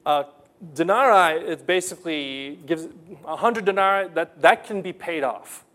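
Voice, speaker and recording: Earnest male preacher, unhurried, fairly high-pitched, repeats points for emphasis. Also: a bit bright. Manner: earnest, questioning the congregation, repetitive emphasis. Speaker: pastor. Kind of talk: sermon.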